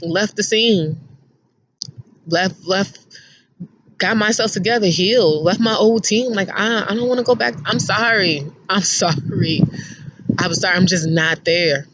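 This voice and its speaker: A woman's voice: mid-range voice, measured pace. A woman vlogging casually to her viewers, reading scripture and lyrics aloud and answering them in an earnest, emotional, repetitive way. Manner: earnest, emotional, repeats herself. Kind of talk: casual vlog addressing viewers. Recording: dull lo-fi sound with clear background noise.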